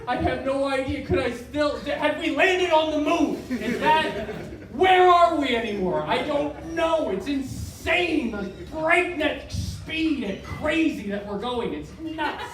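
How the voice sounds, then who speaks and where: A man's voice: extremely high pitch, animated, slow pace. A man of thirty doing a live stand-up set, rambling and self-deprecating. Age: 30s. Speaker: stand-up comedian. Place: live comedy venue. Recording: echoey room from far off, crowd noise.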